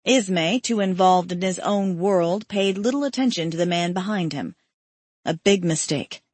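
A woman's voice: fairly low pitch, normal speed, darkish tone, dry recording. Woman reading a story aloud, dry. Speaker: narrator.

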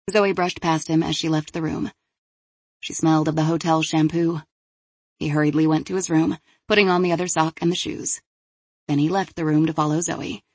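Low, husky female audiobook narrator. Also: no echo. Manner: measured, even storytelling. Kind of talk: scripted narration.

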